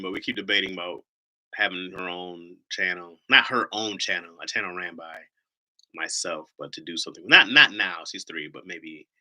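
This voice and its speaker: A man chats casually on a livestream in a low voice with a very bright, forceful edge. His pitch moves a lot as he rambles through stories, and he laughs often. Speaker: livestream host.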